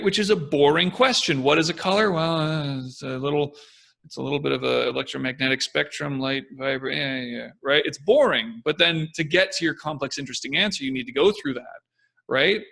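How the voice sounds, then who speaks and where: A young man co-hosting a casual talk, explaining ideas in an animated way and acting out confident and hesitant voices. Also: medium pitch, vocal fry. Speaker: podcast co-host. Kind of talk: casual discussion.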